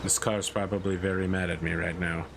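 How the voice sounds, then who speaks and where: A man playing a farming game roleplay, talking in a dry, deadpan way and pushing for a deeper tone. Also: brisk, vocal fry. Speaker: roleplay player. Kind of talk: casual gaming chat. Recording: steady background noise.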